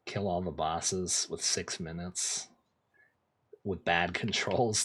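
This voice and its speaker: A man's voice: low voice, fairly even intonation, slow pace, fairly bright tone, husky. A young man casually chatting with his chat while streaming a game, laid-back and talkative. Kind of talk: casual gameplay commentary.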